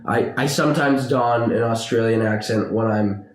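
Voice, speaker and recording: A young man co-hosting a casual podcast chat, animated and prone to slipping into silly voices and impressions. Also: lowish voice, moderate pace. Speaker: podcast co-host. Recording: echoey room, far from mic.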